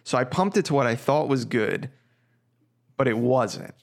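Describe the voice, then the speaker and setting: A man's voice: medium pitch, animated, moderate pace, creaky. A man co-hosting a podcast, casually rambling through a story and swearing freely. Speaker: podcast co-host. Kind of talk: casual chat.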